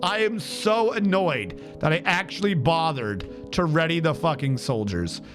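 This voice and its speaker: Guy streaming a game, high lively voice, swears a lot, exasperated. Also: unhurried, over music. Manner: animated, exasperated, swears freely, talks to chat. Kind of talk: casual game commentary.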